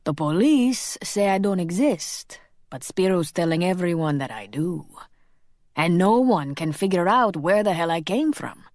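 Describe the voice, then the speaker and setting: Teasing young male shifter, joking banter, slightly low voice, voiced by a woman narrator. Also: animated, unhurried, a little mellow, no echo, studio quality. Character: teasing young male shapeshifter friend, cocky.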